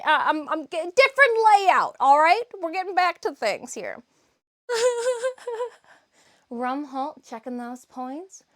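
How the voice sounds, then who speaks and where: A woman live streaming, chatting casually, greeting viewers by name and grumbling about her cats. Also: sits high.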